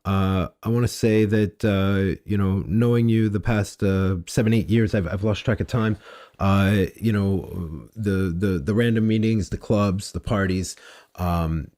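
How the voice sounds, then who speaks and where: A man's voice: sits low, warm tone. A man hosting a podcast, asking questions in a hesitant way full of fillers. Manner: hesitant, many fillers and restarts. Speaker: podcast host. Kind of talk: casual interview chat.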